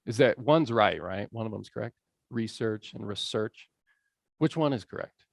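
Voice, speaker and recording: A man lecturing to a room, his voice swinging up and down as he quizzes the audience and laughs along with them. There is a gravelly edge to his speech, and the sound is dry and close, with little room echo. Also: on the low side, expressive, fairly quick. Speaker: college lecturer on language learning. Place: lecture hall.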